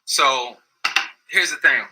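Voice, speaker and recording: A man's voice: mid-range voice, slow pace, noisy background. A man telling, in casual and profane terms, what he went through with someone he used to follow, often acting out what others said. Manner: blunt, profane, animated when quoting others. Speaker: former associate telling his story. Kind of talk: casual storytelling.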